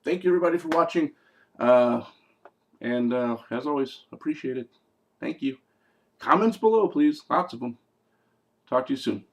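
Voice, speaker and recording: A man's voice: medium pitch, animated, normal speed, pauses often. A man giving a casual, rambling movie review in a blunt, profane way, full of fillers and restarts.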